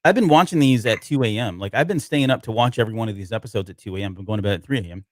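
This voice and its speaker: A man's voice: on the low side, rapid-fire, no room sound, studio quality. A man co-hosting a casual podcast chat, speaking hesitantly with many ums and restarts. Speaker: podcast co-host.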